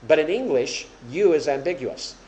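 A man's voice: on the high side, expressive, normal speed, a little mellow. A man teaching the Bible to a congregation, asking questions and explaining patiently. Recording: echoey room with faint hum.

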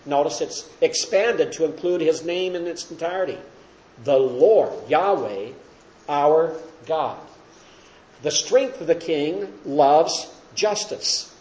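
A man's voice: fairly high pitch, a little mellow. A man teaching a Bible study class, explaining verses and asking his listeners questions as he lectures. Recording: roomy echo.

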